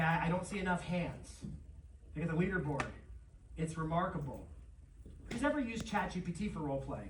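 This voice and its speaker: An energetic conference presenter talks through a live seminar, turning to the crowd again and again. The voice comes from far off in a large, echoey room, with faint ambience underneath. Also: mid-range voice, slight background noise. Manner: energetic, animated, quick to address the crowd. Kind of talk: live seminar talk with audience interaction.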